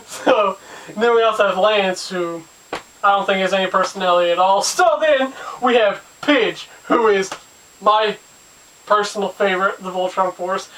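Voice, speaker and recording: A man's voice: high voice, normal speed, fairly bright tone, far from the mic, slight background noise, poor audio. Chatty young guy reviewing a cartoon. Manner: chatty, jokey asides. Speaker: show host and reviewer. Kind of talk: casual video review.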